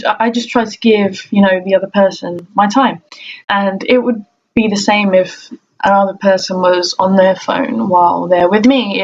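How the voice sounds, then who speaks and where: A young woman chatting casually to camera at home about her pet peeves. She laughs often and acts out what other people say. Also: medium pitch. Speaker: vlogger. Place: room at home. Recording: dull lo-fi audio with faint noise.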